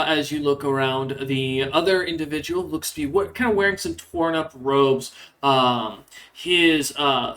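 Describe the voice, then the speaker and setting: A young man describing a tabletop scene as game master, mid-pitched and easy. He halts often, padding his lines with fillers and restarts. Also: a bit bright, poor audio. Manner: halting, many fillers and hedges.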